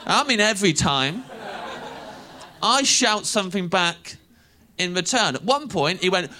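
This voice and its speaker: Man, 30s, stand-up comedian, animated, bright tone. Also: high-pitched, unhurried, pauses often, a faint crowd, slight background noise. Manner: animated, acts out voices, laughs through lines. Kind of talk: stand-up storytelling.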